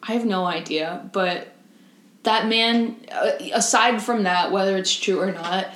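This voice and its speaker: A woman's voice: mid-range voice, a little hiss or hum. Young woman teasing, roomy echo. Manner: teasing, animated, quick to laugh. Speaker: podcast co-host. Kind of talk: casual chat.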